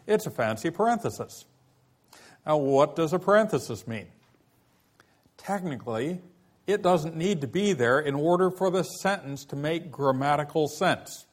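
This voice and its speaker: A man teaching a Bible study lesson, explaining a passage slowly and asking rhetorical questions as he goes. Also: a little high, expressive.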